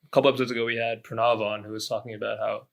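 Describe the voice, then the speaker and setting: A man co-hosting a casual podcast who talks fast and keeps up a teasing banter. His voice has a gravelly, creaky edge. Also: lowish voice, level tone. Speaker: podcast co-host. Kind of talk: casual chat.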